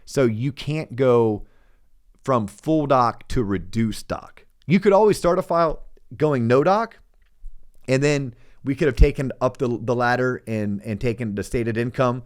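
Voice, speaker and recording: A middle-aged man hosting a podcast, telling a work story in a casual, animated way, acting out the voices he quotes, with stammered restarts. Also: mid-range voice, measured pace. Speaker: podcast host and loan officer.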